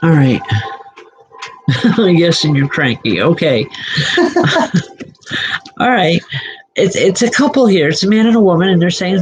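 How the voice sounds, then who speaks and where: A woman working as a psychic medium, giving live spirit readings in a reassuring way, often breaking into soft laughter. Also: fairly low pitch, expressive, measured pace, long pauses, low-quality recording.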